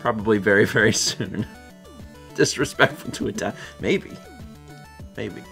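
A young man hosts a live stream in a lowish, relaxed voice. He reads viewer messages aloud and chats about them. Faint music sits behind his voice. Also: a little slow, creaky. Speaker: stream host. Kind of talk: casual chat reading viewer messages.

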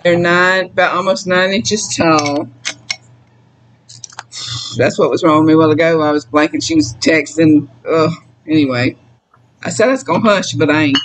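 A woman's voice: deep voice, moderate pace, pauses often, slight background noise, rough recording. A middle-aged woman with a Southern US accent, chatting emotionally and folksily while selling items on a live sale. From Mississippi. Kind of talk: casual live sale chat.

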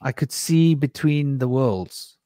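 A man's voice: medium pitch, animated, slow, warm tone, no room sound. Male host, meandering anecdotal storyteller, dry close sound. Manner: rambling anecdotal storyteller, restarts and asides. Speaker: podcast host. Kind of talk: candid storytelling conversation.

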